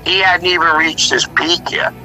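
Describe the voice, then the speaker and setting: A middle-aged male musician talking casually in an interview, animated and blunt, acting out what others said. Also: fairly high pitch, normal speed, faint music behind, poor audio. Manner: animated storyteller, acts out quotes, swears freely. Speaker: musician guest.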